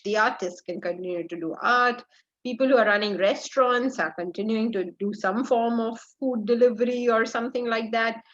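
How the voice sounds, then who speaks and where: Indian woman giving a spiritual lecture. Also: medium pitch. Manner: conversational, asks "right?", repeats phrases in lists. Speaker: spiritual teacher. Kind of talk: scripture lecture. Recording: dull lo-fi recording.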